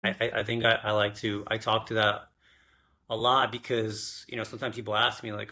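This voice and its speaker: A man hosting an interview as a director and screenwriter, speaking haltingly with many repeated words. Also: fairly low pitch, flat delivery, pushed and bright. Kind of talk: casual interview talk.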